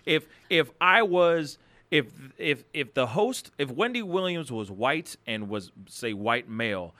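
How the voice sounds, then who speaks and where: A man hosting a podcast, talking in an animated, emphatic way in casual chat. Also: mid-range voice, measured pace. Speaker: podcast host.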